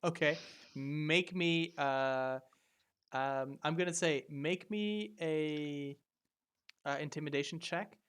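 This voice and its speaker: A man narrating as game master, halting with many fillers and restarts. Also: a little high, fairly bright tone, clear, resonant tone.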